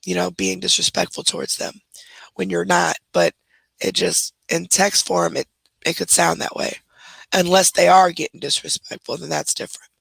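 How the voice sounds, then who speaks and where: A woman with a badly hoarse, gravelly voice, rough and husky as if almost gone, chats casually on her livestream. She talks directly to her viewers and moderators. The sound is close and dry, with no room echo. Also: fairly low pitch, steady tone, moderate pace. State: hoarse, nearly lost voice. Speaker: livestream host.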